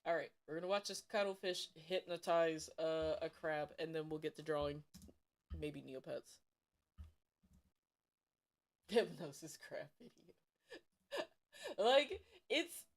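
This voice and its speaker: A woman from Ohio chats casually on a stream, swearing a lot and piling up emphatic warnings. Her pitch swoops all over. She talks slowly and in an unhurried way. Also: expressive. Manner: profane, emphatic, repetitive warnings. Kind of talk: casual livestream chat.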